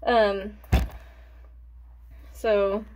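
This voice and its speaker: A woman's voice: mid-range voice, little pitch movement, very slow, a little mellow, a little hiss or hum. A young woman chatting casually through a makeup tutorial, rambling and forgetful, short of breath and sighing between thoughts. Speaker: beauty vlogger.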